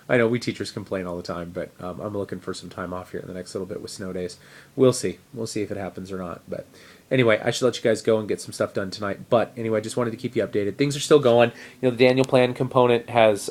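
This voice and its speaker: A man, a teacher, talking casually to camera in a fitness video diary, rambling with fillers and self-deprecating asides. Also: fairly low pitch. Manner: rambling, with frequent fillers and restarts. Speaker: teacher sharing a fitness update.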